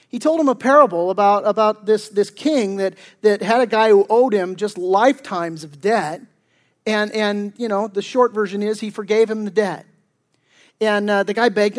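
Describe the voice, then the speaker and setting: High-voiced pastor preaching casually. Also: male voice. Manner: conversational, emphatic preaching with slang and repeated restarts; slows down for scripture readings. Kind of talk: sermon.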